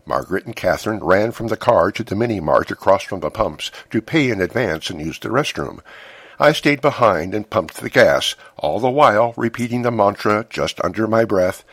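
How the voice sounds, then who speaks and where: Middle-aged male memoir narrator; deep, wry, measured read, dry booth. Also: expressive, fairly bright tone, slightly rough, dry recording. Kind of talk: first-person memoir narration.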